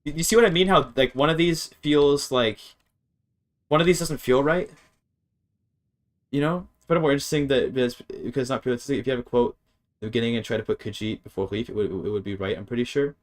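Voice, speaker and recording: A man's voice: medium pitch, quick pace. A young man livestreaming and explaining grammar in a casual, rambling way, often correcting himself and swearing when a demonstration goes wrong. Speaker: streamer.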